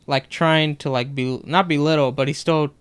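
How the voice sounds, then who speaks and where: A young podcast co-host casually retells stories from work, animatedly acting out what customers said. His voice sits on the high side, clear and resonant, at a moderate pace.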